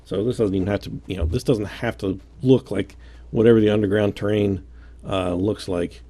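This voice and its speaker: A man's voice: on the low side, steady tone, normal speed, warm tone. A man giving casual step-by-step building commentary, counting aloud and joking about himself. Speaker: game building tutorial host.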